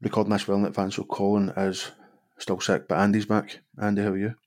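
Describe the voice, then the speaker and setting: A Scottish man hosting a casual podcast chat, relaxed and jokey, with the odd swear. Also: lowish voice, quick pace. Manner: relaxed, chatty, swears and jokes about. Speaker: podcast host.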